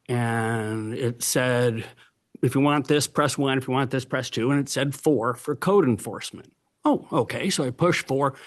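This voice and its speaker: A man gives public comment at a county meeting. He tells his complaint in an everyday, conversational way, with fillers and restarts and a voice of middling pitch.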